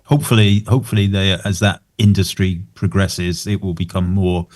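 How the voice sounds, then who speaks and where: A man's voice: sits low, fairly even intonation, normal speed, a little mellow. A man co-hosting a podcast, trading easygoing, wry banter in casual chat. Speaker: podcast co-host.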